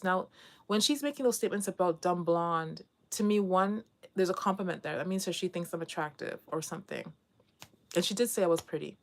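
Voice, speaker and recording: A woman's voice: lowish voice, fairly quick. A middle-aged woman vlogging casually to camera, talking candidly and rambling with frequent restarts.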